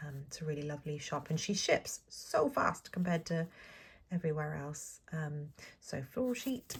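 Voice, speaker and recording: Low, gravelly young Englishwoman gushing over stickers. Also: lively intonation, moderate pace. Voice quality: often drops to a soft whisper. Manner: chatty, gushing, frequent ums and apologies. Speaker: planner vlogger. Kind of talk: casual sticker haul voice-over.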